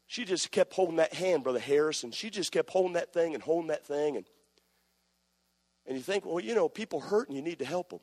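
A man, a pastor preaching a sermon, swinging from loud passionate peaks to quiet storytelling. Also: a little high, expressive, fairly quick. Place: church sanctuary. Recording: long reverb of a church hall.

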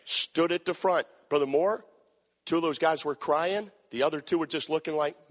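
A man preaching, telling a story with animated bursts of shouting and hushed stretches. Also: fairly high pitch, moderate pace. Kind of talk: sermon storytelling. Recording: long hall reverb.

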